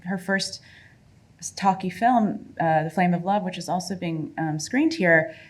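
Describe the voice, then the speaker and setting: A woman author speaking as a guest in a live panel Q&A, animated and quick to laugh. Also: on the low side.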